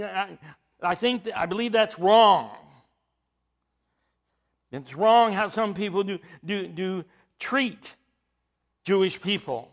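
A man's voice: high voice, a bit bright. A man preaching a sermon, teaching from scripture in an emphatic way, with frequent rising bursts of emphasis.

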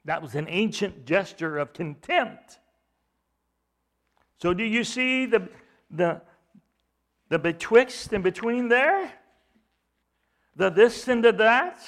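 A man's voice: a little high, a bit bright. A man preaching an expository sermon, emphatic, acting out mocking voices as he reads.

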